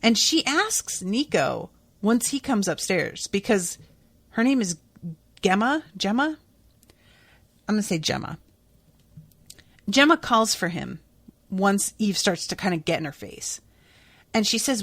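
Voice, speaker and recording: Slow, chatty woman podcast host. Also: mid-range voice, expressive, fairly bright tone, dry recording. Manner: chatty, blunt, swears freely. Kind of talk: casual episode recap.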